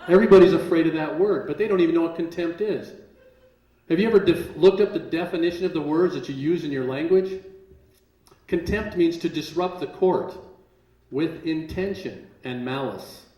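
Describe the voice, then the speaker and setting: A man's voice: a little high, normal speed, lo-fi sound. Joking man lecturing in an echoey room. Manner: joking, conversational, grows forceful and emphatic. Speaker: seminar presenter. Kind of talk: live seminar talk to an audience. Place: seminar room with audience.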